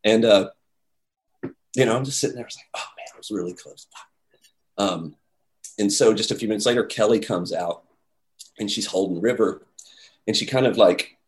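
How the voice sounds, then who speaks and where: A man telling a story in casual chat, animated, acting out the voices of the people in it. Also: on the low side, a little fast, pauses often. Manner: animated, acts out quoted voices, many "like"s.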